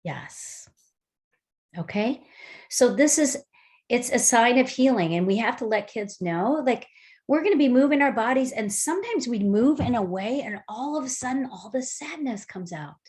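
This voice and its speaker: A woman leading an online mindful movement and breathing class, guiding gently and slowly with soft breathy cues, over a video call. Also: on the high side, expressive. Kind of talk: guided movement and breathing lesson.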